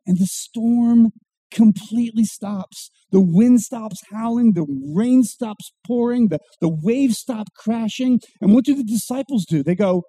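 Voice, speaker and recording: A man preaching a sermon, acting out quotes with dramatic pauses and a wide swing from loud to hushed. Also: high-pitched, husky, dry recording. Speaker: pastor.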